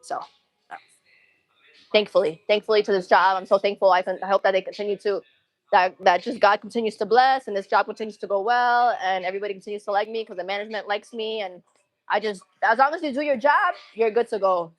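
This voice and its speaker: A woman's voice: mid-range voice, fast, dry recording. A woman livestreaming from a gym between sets, chatting casually and rambling in laid-back slang as she answers her chat.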